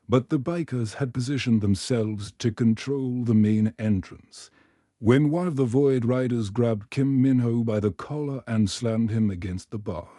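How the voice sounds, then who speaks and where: A man reads a scripted story in a steady, even delivery. His voice is dark and mellow. The recording is dry and close, with no room sound. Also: mid-range voice, no room sound. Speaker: narrator.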